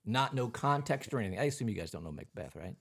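A man's voice: fairly low pitch, expressive, quick pace, vocal fry, husky. A man co-hosting a podcast in a studio, chatting casually and rambling with fillers. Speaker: podcast co-host. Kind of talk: casual chat.

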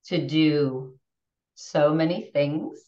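A woman in her fifties chatting as a podcast guest, animated and emotional, often restarting her sentences. Her voice sits on the lower side. She sounds set back from the mic in a roomy space, with muffled audio. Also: extremely slow, far from the mic. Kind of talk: casual podcast conversation.

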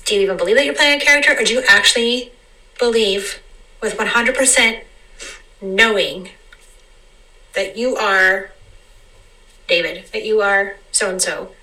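A woman talking unscripted in a meandering, reflective monologue, repeating phrases and slowing down to stress words. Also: medium pitch, bright, forceful tone, recorded from a distance, low-quality recording. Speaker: vlogger.

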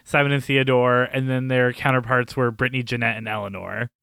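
A man's voice: medium pitch, flat delivery, fairly quick, gravelly, sharp tone, clean tone, dry recording, studio quality. A man hosting a casual podcast chat, asking questions and teasing. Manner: teasing, asks questions, laughs. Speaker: podcast host.

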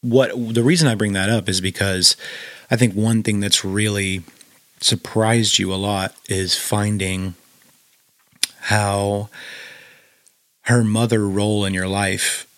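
A man's voice: lowish voice, steady tone, slow pace, long pauses, fairly bright tone, no room sound. A man hosting a podcast, speaking in a supportive, affirming conversational way. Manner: affirming, supportive, frequent agreement. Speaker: podcast host. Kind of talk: conversational interview.

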